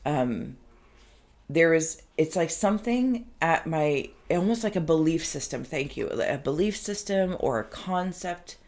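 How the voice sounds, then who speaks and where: A woman's voice: low voice, animated, a little slow, darkish tone. A woman giving an intuitive card reading, meandering and searching for words, her throat phlegmy. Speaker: tarot card reader.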